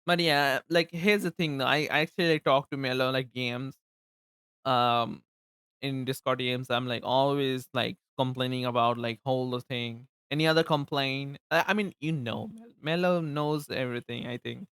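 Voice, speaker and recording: A man's voice: medium pitch, moderate pace, a bit bright, clear, resonant tone, no echo, studio quality. Chatty Indian young man streaming. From eastern India. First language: Bengali. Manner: rambling, laughs often, stumbles and repeats words. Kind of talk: casual livestream chat.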